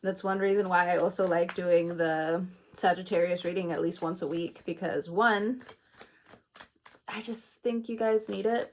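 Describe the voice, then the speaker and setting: A young adult woman giving a casual, meandering tarot reading, chatty and laughing at herself. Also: mid-range voice. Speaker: tarot reader.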